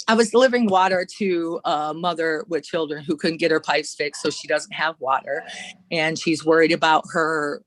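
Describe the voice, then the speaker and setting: A woman community organizer giving earnest, impassioned testimony on a panel, with frequent fillers. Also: lowish voice.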